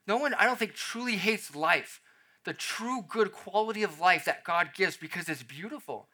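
A young adult man preaching a sermon, dropping to a soft emphasis on key phrases and swinging his loudness up and down. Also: sits high, expressive, moderate pace. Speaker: pastor.

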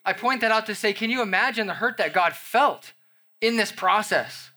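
A young man preaches with a bright, forceful voice that sits a little high. He walks through scripture and slips into acted-out everyday scenes to make his point. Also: animated, moderate pace. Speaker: pastor. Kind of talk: sermon.

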